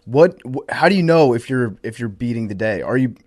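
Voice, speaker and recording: Podcast host guy, talks fast, eager with his questions. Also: mid-range voice, lively intonation, a little mellow. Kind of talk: casual interview questions.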